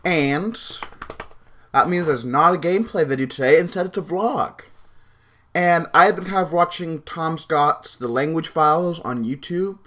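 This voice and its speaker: A man's voice: on the high side, a little slow, sharp tone. A young man with a Pacific Northwest American accent, chatting casually in a vlog and reading out a word list. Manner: chatty, rambling with fillers. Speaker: vlogger.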